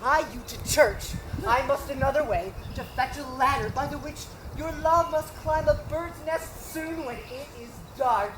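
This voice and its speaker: A woman's voice: high-pitched, unhurried, hardly any pauses, noisy background. A woman playing a garrulous older nurse on stage, teasing and complaining with groans and laughs. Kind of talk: live stage acting.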